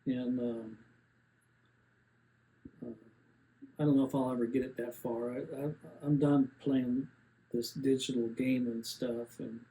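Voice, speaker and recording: A man's voice: medium pitch, level tone, a little slow, pauses often, warm tone, low-quality recording. A man in his seventies rambling plainly through a casual gear review, with many fillers and restarts. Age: 70s.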